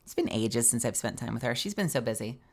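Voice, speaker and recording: A woman voice actor chatting casually on a live stream, animated, swearing freely and explaining voice acting to her viewers. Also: a bass voice, a little fast.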